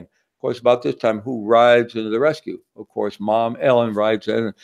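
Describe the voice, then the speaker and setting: Gravelly mellow-voiced guy giving a talk, chatty, keeps asking "right?". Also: fairly low pitch, steady tone, normal speed. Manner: conversational, asks the audience with a frequent "right?". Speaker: workshop speaker. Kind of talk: teaching talk.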